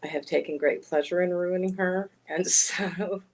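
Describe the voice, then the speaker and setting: A soft-spoken woman who reads oracle cards, chatting gently and laughing often on a live stream. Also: fairly low pitch, fairly even intonation, normal speed, poor audio. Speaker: oracle card reader and spiritual guide. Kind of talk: casual live-stream chat.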